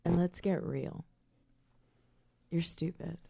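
Slow, gravelly, mocking young woman. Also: on the low side, fairly even intonation, dark tone. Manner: mocking, sing-song repeated teasing. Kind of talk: improvised comedy scene.

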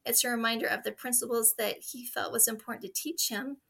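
A woman in her forties, a guest in a conversational interview, shares stories earnestly and from the heart. Her voice is a little high, very bright and clear, with a steady tone and a fairly quick pace.

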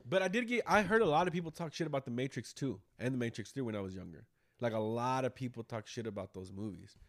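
A man co-hosting a podcast, talking about movies in a rambling, animated way with a lot of swearing. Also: mid-range voice, quick pace. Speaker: podcast co-host. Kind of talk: casual chat.

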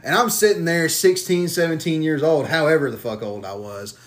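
A man hosting a casual podcast who tells long, profane, animated stories. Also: fairly high pitch, moderate pace. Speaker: podcast host.

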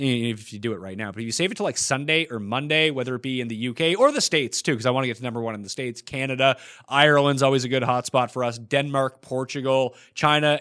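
A man's voice: mid-range voice, fairly bright tone. A man hosting a podcast in casual chat, answering listener questions one after another in a blunt, profane way. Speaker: podcast host.

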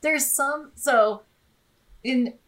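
A woman's voice: sits high, extremely slow, a bit bright. An American woman co-hosting a casual podcast chat, enthusiastic and rambling, often laughing as she talks. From United States. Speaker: podcast co-host.

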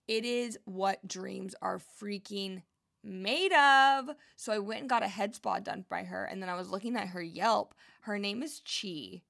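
Young woman vlogger, gravelly edge, loose and chatty, mid pitch. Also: fairly bright tone. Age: young adult. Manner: chatty, rambling, lots of likes and you knows. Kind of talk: casual vlog chat. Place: Hawaii home.

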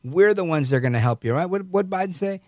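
A man's voice: sits high, lively intonation, fast talker, a little mellow, no room sound, studio quality. A man hosting a political commentary monologue, sarcastic and mocking in a conversational way. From New York. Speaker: host.

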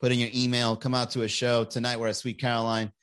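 A man's voice: mid-range voice, completely flat delivery, quick pace, fairly bright tone, clear, resonant tone. A man hosting a comedy podcast, chatting casually and reading viewer comments, profane and sarcastic, often laughing at his own jokes.

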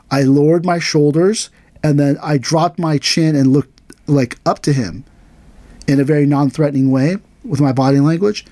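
A man who hosts a podcast and teaches aikido tells a story casually and with animation, acting out quoted dialogue in a raised, livelier voice. His voice is a little high, and the recording is dry and studio quality.

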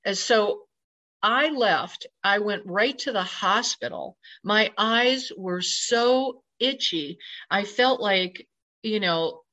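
A woman's voice: mid-range voice, a bit bright. A woman telling a personal ghost story in an emphatic, dramatic way, acting out her own exclamations. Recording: slightly dull lo-fi recording.

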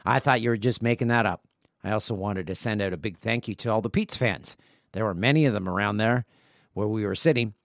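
A man's voice: on the low side, fairly quick, creaky, dry recording, studio quality. A man in his forties hosting a casual solo podcast, reading listener emails aloud with jokey asides. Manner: chatty, jokey asides while reading mail. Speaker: podcast host.

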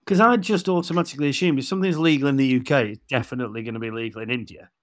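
Racing along in a steady, medium-pitched voice, a man in his forties from England co-hosts a podcast casually, acting out dialogue and laughing through his stories. The sound is clean studio quality with no room sound.

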